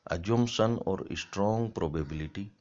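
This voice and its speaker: A man giving a grammar lecture, speaking deliberately and repeating each example sentence. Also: low-pitched, darkish tone. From India. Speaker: college lecturer. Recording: dull lo-fi lecture recording.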